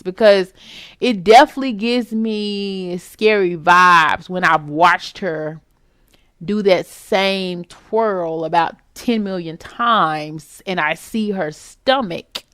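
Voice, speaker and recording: A woman's voice: mid-range voice, fairly bright tone, no echo, clean studio sound. A woman hosting her own vlog, giving her opinions in a casual, emphatic commentary and calling the listener "baby".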